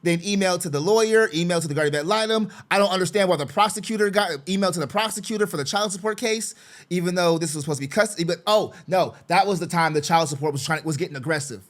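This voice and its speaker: Brief: man with a high-pitched voice, a frustrated father talking through his own case, repetitive and sarcastic. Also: fast. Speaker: father representing himself in a custody case. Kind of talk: casual screen-share walkthrough.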